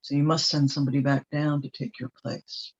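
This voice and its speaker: A man's voice: on the high side, little pitch movement, a little fast, a little mellow, lightly acted. A man voicing an ailing goddess queen of the underworld, groaning out her complaints in a dull lo-fi recording. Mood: stern.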